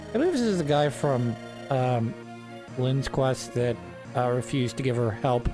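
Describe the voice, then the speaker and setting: A man's voice: medium pitch, lively intonation, a little slow, over music. A man hosting a casual let's play, chatting and reading game text aloud. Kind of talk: casual gameplay commentary.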